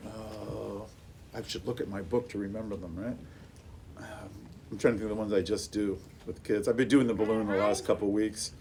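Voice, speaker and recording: A man's voice: on the low side, steady tone, normal speed, background noise. A man leading a music workshop for teachers, chatting casually and breaking into playful sung rhymes for a group in a classroom.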